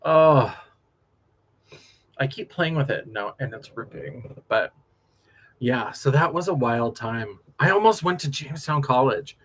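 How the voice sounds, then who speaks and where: A man, a drag performer, chatting casually on a late-night livestream, animated, laughing often and drifting from story to story. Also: mid-range voice, unhurried, pauses often, slightly rough.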